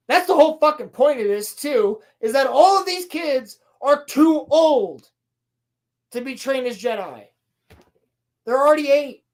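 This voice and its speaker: A woman's voice: a little high, a little mellow. A woman on a casual podcast, ranting profanely and exasperatedly about a show she is recapping. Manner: profane, exasperated ranting with quick acted quotes. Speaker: podcast co-host.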